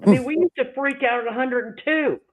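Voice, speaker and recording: A co-host joining a casual chat with brief, low-key interjections. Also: brisk. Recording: tinny phone-like line.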